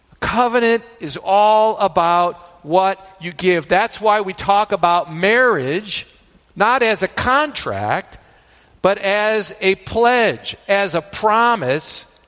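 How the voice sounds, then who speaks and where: A man's voice: high voice, fairly bright tone, big-room sound. A man preaching a sermon as pastor. He often checks in with the congregation by asking "right?" and retells scripture at length.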